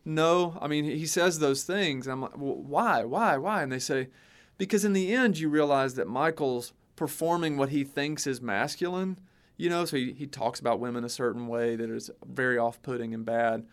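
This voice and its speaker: A man co-hosting a podcast, a teacher, talking in an animated storytelling way and quoting others. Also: medium pitch, normal speed. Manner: animated, storytelling with quoted voices. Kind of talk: casual podcast discussion.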